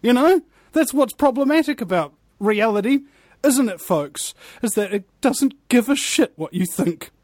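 A man hosting an interview show, excitable and prone to loud asides. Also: sits high, no echo, clean studio sound. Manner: excitable, swings between loud asides and mumbled fillers. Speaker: podcast host.

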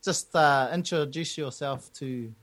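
A man's voice: fairly high pitch, measured pace, fairly bright tone. A Māori-speaking man hosting a casual podcast, rambling and joking. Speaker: podcast host.

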